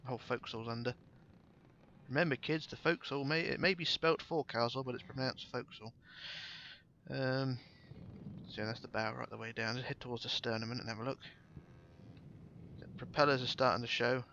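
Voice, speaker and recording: Male gameplay commentator, gravelly and bright, chatty, slightly muffled home recording with faint hiss. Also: mid-range voice, fairly even intonation, brisk. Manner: chatty, swears casually, thinks aloud.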